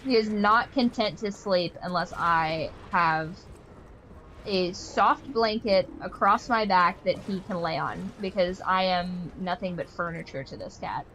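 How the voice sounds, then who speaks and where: A young woman streaming a game, chatting casually in a rambling way full of "like" fillers and telling animated, playfully exasperated stories. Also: lowish voice, measured pace, slight background noise, rough recording. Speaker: gaming streamer. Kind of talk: casual chat while playing a game.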